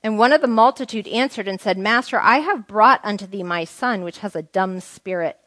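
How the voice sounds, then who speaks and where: A woman's voice: medium pitch, normal speed, pushed and bright, no room sound. A woman leads an informal Bible study, talking casually with her group and reading passages aloud. Her voice sits in a middle range for a woman. It sounds dry and close, with no room around it. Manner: conversational, asks the group questions, reads scripture aloud. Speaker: Bible teacher.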